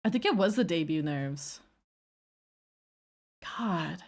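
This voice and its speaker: A woman streaming casually, reacting to her old clips in an animated, self-mocking way. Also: lowish voice, slow pace. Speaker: VTuber streamer.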